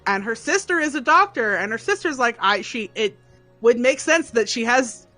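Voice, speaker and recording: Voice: medium pitch, expressive, moderate pace, bright, forceful tone, faint music behind. A podcast co-host in casual chat, rambling with many fillers and restarts.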